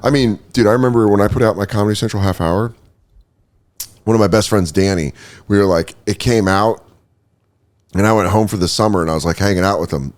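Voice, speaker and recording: A man's voice: lowish voice, a little fast, pauses often. A man hosting a podcast, chatting casually and joking, sometimes putting on mock voices. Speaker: podcast host. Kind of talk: casual chat.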